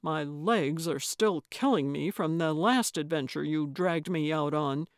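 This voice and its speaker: A woman's voice: low-pitched, unhurried, no echo, studio quality. A woman voicing a weary older man in a mystery audiobook, grumbling and tired. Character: weary older man, reluctant senior sleuth.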